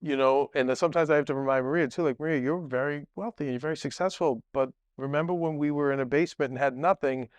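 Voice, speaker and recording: Middle-aged guy rambling through a story, kinda high voice, dry close sound. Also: quick pace, few pauses, clear, resonant tone, dry recording, muffled recording. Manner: rambling, many restarts and asides. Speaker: podcast guest. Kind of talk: casual storytelling.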